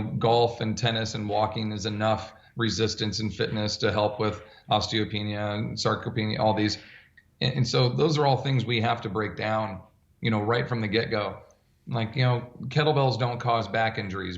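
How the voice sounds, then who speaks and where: A man who coaches strength training for older adults answers interview questions, animatedly telling stories and acting out the dialogue in them. His voice is fairly low with vocal fry, heard in an echoey room on dull audio.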